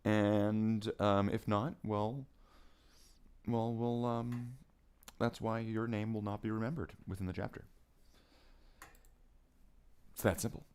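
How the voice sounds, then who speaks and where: A man's voice: fairly low pitch, little pitch movement, slow pace, long pauses, a little mellow, clear, resonant tone. A man chatting casually while painting miniatures on a hobby stream, rambling and joking as he thinks aloud.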